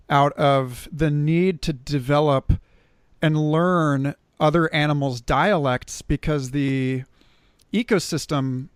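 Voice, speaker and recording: A man's voice: fairly high pitch, clean tone, no echo, studio quality. A man hosting a podcast, asking a long, rambling, thoughtful question. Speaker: podcast host. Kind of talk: casual interview question.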